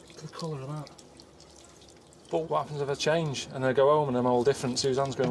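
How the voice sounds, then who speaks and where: An English man presenting a travel show, with a dry, grumbling, deadpan way of talking to camera, often from a busy street outdoors. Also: mid-range voice, a little fast, long pauses, a little hiss or hum. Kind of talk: casual to-camera travel commentary. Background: music.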